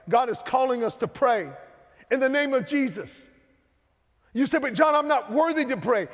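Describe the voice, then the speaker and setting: High-voiced preacher man in a reverberant hall. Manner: preaching, swings between loud and hushed. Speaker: co-pastor. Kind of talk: sermon. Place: church sanctuary.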